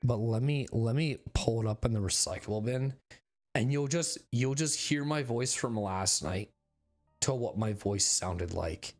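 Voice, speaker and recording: A man streaming a game to his viewers, his voice hoarse and a little raspy, talking in a halting, rambling way full of fillers. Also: mid-range voice, soft background music. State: hoarse, recovering voice. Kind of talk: casual chat to stream viewers. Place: bedroom at home.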